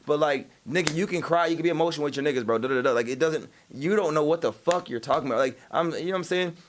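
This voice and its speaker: A man livestreaming, telling a story in a rapid, emphatic way, swearing often and trailing off with filler sounds. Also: on the high side, a little hiss or hum. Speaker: streamer. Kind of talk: casual livestream storytelling and reacting.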